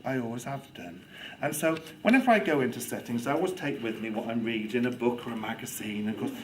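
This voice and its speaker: A man giving a lively, theatrical talk to a student audience on children's reading, playing for laughs. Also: medium pitch, fast talker, slight background noise, low-quality recording. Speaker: guest speaker on children's reading. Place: lecture room with audience.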